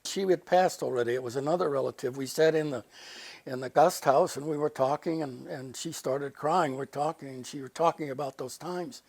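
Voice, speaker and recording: An older retired officer tells his stories in earnest, circling back to key words for weight. His voice sits a little high, and the sound is dry and close. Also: normal speed, vocal fry, a little mellow, dry recording. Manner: earnest anecdotes with emphatic repetition. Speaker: interviewee, retired Air Force general. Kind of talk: casual storytelling interview.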